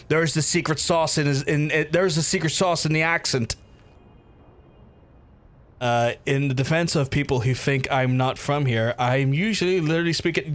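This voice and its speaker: A man's voice: fairly high pitch, a bit bright. A man with a Belfast accent who hosts a livestream, chatting casually with viewers, swearing freely and restarting sentences as he goes. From Northern Ireland. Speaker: livestream host.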